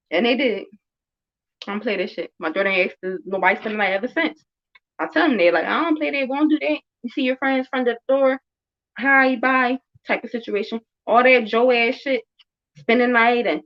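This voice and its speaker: A woman's voice: a little high, brisk, lo-fi sound. A woman around thirty, a mother and show host, telling a story in casual chat with blunt, emphatic and heavily profane talk. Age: about 30.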